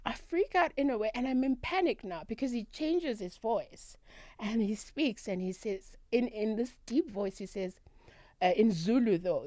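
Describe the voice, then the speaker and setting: A woman's voice: fairly high pitch, moderate pace, no echo. Emphatic South African woman recounting. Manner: animated, emphatic retelling. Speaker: guest, traditional healer. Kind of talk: candid storytelling interview. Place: radio studio.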